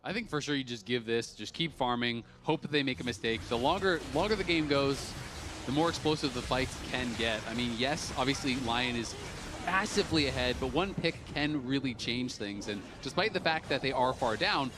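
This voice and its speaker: A man giving esports analysis in a measured, explanatory way. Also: mid-range voice, expressive, background noise. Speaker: analyst caster. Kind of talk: esports commentary.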